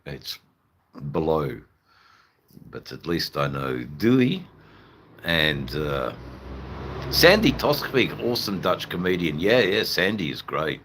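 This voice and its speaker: Australian male streamer, very deep, slow, rambling casual chat with viewers. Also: very animated, a bit bright, slight background noise. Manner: rambling, chatty, swears casually. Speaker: live streamer.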